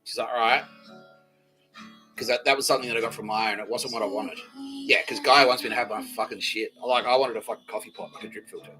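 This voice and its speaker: An Australian man hosting a solo comedy podcast, rambling and profane, laughing often and slipping into quick impressions. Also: mid-range voice, steady tone, music in the background, low-quality recording. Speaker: podcast host.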